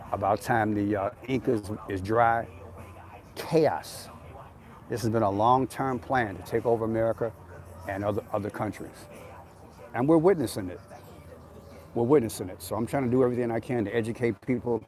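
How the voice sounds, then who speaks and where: A man's voice: fairly low pitch, a little mellow. Emphatic preachy man streaming outdoors. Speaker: channel host. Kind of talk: outdoor live-stream commentary. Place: outdoors on an urban street.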